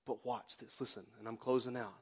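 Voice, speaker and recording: A man preaching as pastor in a church, passionate, swinging between loud exclamations and quiet confessions. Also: medium pitch, fairly even intonation, a little fast, husky. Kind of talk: sermon. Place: church sanctuary.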